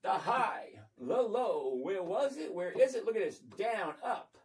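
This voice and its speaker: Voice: medium pitch, big pitch swings, measured pace, darkish tone, breathy edge. A livestream host casually chatting about stocks and reading viewer comments aloud, blunt and playful, hammering points home through repetition.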